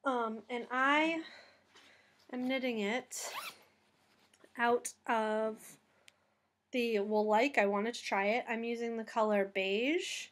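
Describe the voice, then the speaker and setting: A woman chats about her knitting in a bright, forward voice that sits a little high. She rambles, goes off on tangents and pokes fun at her own slip-ups. She sounds tired as she talks from home. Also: slow, pauses often. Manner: chatty and rambling, going off on tangents; self-deprecating, laughing at her own mistakes. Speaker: knitting vlog host. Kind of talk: casual chat. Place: at home with a cat on her lap.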